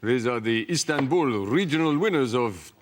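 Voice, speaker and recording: A man's voice: mid-range voice, lively intonation, normal speed, slight background noise, voice pushed down, lightly acted. A man voicing an eager foreign official and carpet salesman with pushy, broken patter.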